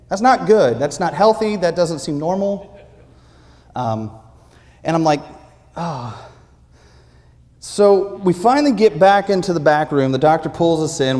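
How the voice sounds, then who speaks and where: A man preaching, telling a lively personal story with acted-out quotes in a church. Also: a little high. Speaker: pastor. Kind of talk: sermon storytelling. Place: church sanctuary. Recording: long reverb of a church sanctuary.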